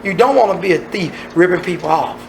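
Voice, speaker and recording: Gravelly preacher man. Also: high-pitched, expressive, fast talker, slight background noise, poor audio. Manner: preachy, asks many rhetorical questions. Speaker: Bible study teacher. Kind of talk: Bible study sermon.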